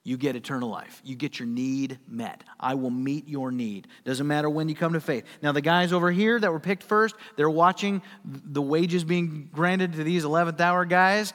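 Male pastor, high voice, long hall reverb, animated folksy delivery that acts out scripture. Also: moderate pace, hardly any pauses. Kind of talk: sermon.

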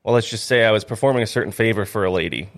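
A young man from North Dakota, a stand-up comedian, talks very fast in a fairly low-pitched voice with vocal fry. In a casual radio studio interview, he tells rambling stories packed with "like."

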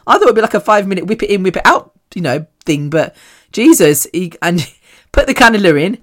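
A woman, hosting a solo podcast and telling personal stories in an animated, chatty way, often laughing. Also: brisk. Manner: animated and chatty, with frequent laughs and big swings in pitch. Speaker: podcast host.

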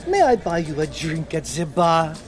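A woman's voice: low-pitched, sing-song, moderate pace, pitched below the performer's own voice. A woman reading an audiobook, voicing a haughty, weary male museum curator with a put-on French accent.

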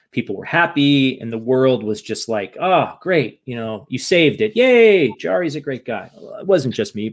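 A man casually telling a long story, acting out what others said, with many "right?" tags. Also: mid-range voice. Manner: animated, acts out quoted voices; fillers and tag questions.

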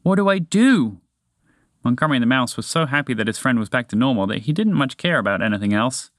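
A man's voice: medium pitch, animated, fairly quick, no room sound, clean studio sound, lightly acted. A man voicing a big, clumsy male moose who frets and gets upset easily, for a spoken storybook. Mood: earnest. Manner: fretful, emotional.

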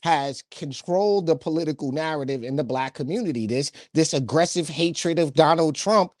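Energetic man co-hosting a podcast. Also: on the high side, moderate pace, no room sound, clean studio sound. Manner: energetic, talks in bursts with repeated restarts. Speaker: podcast co-host. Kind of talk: casual political podcast chat.

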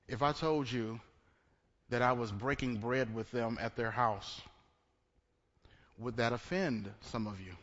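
A pastor preaches to his congregation in a relaxed, conversational way, stumbling over repeated words and asking the room questions. His voice sits at a middle pitch for a man. The sound is dull and carries a long echo from the church hall. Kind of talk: sermon. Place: church sanctuary. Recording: dull echoey church recording.

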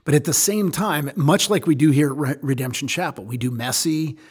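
A man's voice: fairly high pitch, fairly quick, breathy edge. A man who is a pastor and former college ministry leader, talking in a laid-back, chuckling way on a podcast. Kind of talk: casual podcast chat.

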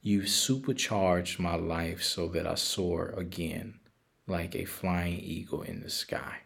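A man's voice: deep voice, steady tone, slow, vocal fry, a bit bright. An older man leading a casual Bible study, reading verses aloud and then explaining them in plain everyday talk.

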